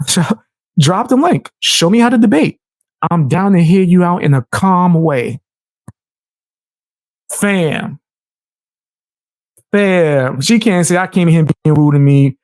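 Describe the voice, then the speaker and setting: A young streamer man with a fairly high voice and a New York accent, talking bluntly and heatedly with frequent laughs and swearing. The sound is dry and close, with no room around it. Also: darkish tone, no room sound. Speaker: streamer reacting to clips. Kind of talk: casual live-stream commentary.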